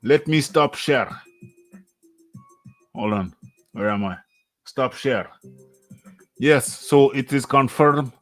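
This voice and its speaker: A man's voice: mid-range voice, takes it slowly, long pauses, a bit bright, faint music behind. A man hosting a boxing talk livestream, rambling and repeating his phrases over and over. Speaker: boxing talk show host. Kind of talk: casual livestream commentary.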